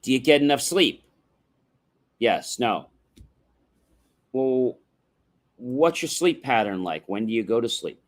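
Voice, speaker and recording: This is a man speaking at an ordinary mid-range pitch, delivering a motivational talk on a livestream. His manner is instructive, built on contrasts and examples. He checks in with the audience through rhetorical questions. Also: expressive, takes it slowly, pauses often. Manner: instructive, contrasts yes-no questions with open ones; rhetorical, often adds "right?". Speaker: livestream host. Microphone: livestream microphone.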